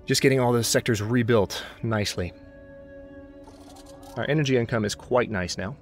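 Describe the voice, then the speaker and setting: A man's voice: mid-range voice, normal speed, soft background music. A man casually commenting on his strategy game as he plays, chatting to his own units and joking at himself. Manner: chatty, talks to his units, self-mocking asides. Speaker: let's play host.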